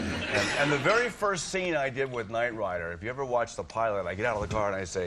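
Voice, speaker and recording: A man's voice: medium pitch, fast, hardly any pauses. A man telling stories as a talk show guest, acting out voices as he goes. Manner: animated storyteller, acts out voices. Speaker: celebrity guest. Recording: noisy studio audience.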